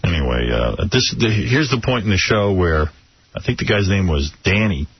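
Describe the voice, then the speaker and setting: A man's voice: sits low, lively intonation, normal speed, slightly rough, no echo. A man hosting a radio show in blunt, teasing casual banter. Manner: teasing, blunt, laughs loudly. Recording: slightly dull radio broadcast sound.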